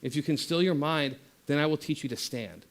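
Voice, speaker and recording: A man voicing a calm, stern male martial arts teacher, measured and instructive. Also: fairly high pitch, close to an everyday voice.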